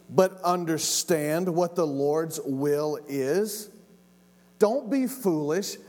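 A man's voice: high voice, a little mellow. Preaching man in a reverberant hall. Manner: impassioned preaching, repeating key phrases. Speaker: pastor. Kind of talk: sermon. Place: church hall.

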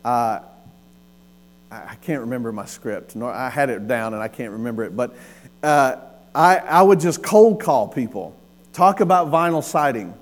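A man, preaching a sermon and telling a personal story with lively, acted-out dialogue. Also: medium pitch, moderate pace. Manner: storytelling, animated with laughs and acted-out quotes. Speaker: pastor.

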